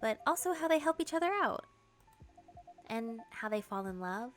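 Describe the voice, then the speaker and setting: A woman voicing a calm, thoughtful barista in gentle, measured tones, reading game dialogue. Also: on the high side, a little hiss or hum, lightly acted. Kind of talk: game dialogue read-through.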